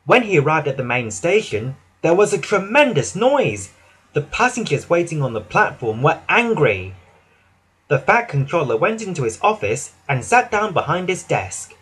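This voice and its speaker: A man narrating a children's storybook with an animated, expressive reading. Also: fairly high pitch, moderate pace, husky.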